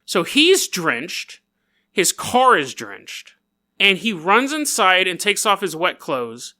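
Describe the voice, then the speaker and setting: A man hosting a podcast, telling a strange story in a playful, jokey way with quick asides. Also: high-pitched, sing-song, pushed and bright. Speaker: podcast host. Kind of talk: casual comedic storytelling.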